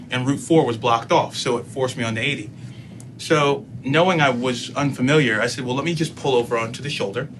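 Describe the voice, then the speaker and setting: A man in his thirties, a councilman and student, telling a personal story in an interview in a measured way, quoting what was said. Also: mid-range voice, background noise. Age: 30s. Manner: measured, recounting events with quoted dialogue.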